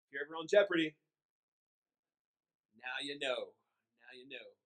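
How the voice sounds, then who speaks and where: A man's voice: mid-range voice, moderate pace, a bit bright, low-quality recording. A man, a pastor, giving an informal, joking sermon in church, often restarting his sentences. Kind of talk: conversational sermon.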